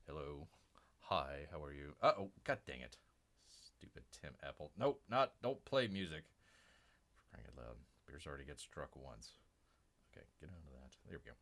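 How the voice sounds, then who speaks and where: A man's voice: extremely low pitch, sing-song, moderate pace, fairly bright tone. A man hosting a casual live stream about comic books, rambling through fillers and restarts, calling himself Bear and talking to viewers as "people.". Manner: calls himself Bear in the third person; keeps addressing viewers as "people".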